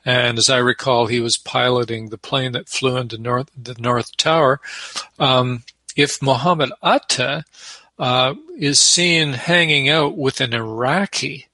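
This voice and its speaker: A man, an author and peace activist, giving measured, explanatory interview answers with a wry edge. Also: mid-range voice, steady tone, sharp tone, no room sound.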